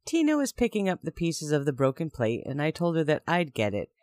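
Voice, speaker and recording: A man narrating a first-person story in a steady, plain way. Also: fairly high pitch, a little fast, dry recording.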